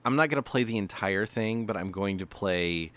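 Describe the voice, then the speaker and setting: Low-voiced man, wry podcast co-host. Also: lively intonation, moderate pace, a bit bright. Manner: wry, laughing banter. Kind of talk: casual chat.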